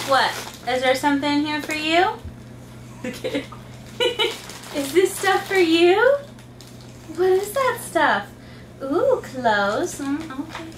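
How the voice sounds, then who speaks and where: A woman's voice: high-pitched, slight background noise. A woman, a mother and channel host, chatting through a casual unboxing and talking sing-song baby talk to her little kids. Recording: echoey room, mic far off, faint ambience.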